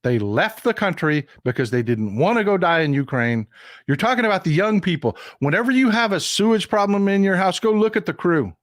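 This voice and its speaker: A man's voice: high-pitched, big pitch swings, a little fast, dry recording. Folksy man, dry close sound. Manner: folksy, repetitive, addresses chat directly. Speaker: political livestream host. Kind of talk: casual news commentary livestream.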